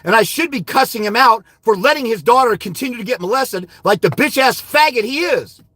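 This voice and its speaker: Speaking very high and brisk, with a sharp, breathy tone and lively intonation, a man rages about a client call on the fathers' rights livestream he hosts. The monologue is profane and insulting, and the audio has no echo.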